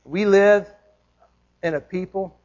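A man's voice: sits high, steady tone, takes it slowly, a little mellow, dull audio. A man preaching a sermon as a pastor, emphatic, with rhetorical questions and repetition.

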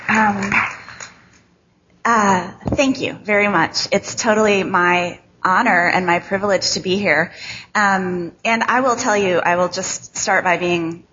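A woman in her thirties from Chicago with a nasal American Midwest accent, giving a candid, self-deprecating talk to a church audience with many ums and halting restarts. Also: mid-range voice, steady tone, fairly bright tone, dull audio, slight background noise. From Chicago, USA. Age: 30s. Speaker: guest speaker. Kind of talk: conversational speech to a church audience.

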